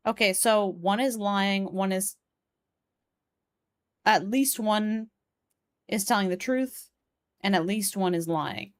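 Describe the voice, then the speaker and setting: A woman's voice: mid-range voice, slow, pauses often, no room sound. A young woman with a Polish accent, streaming a puzzle game and chatting as she plays, reading the game's text and viewers' messages aloud. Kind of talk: live game stream commentary.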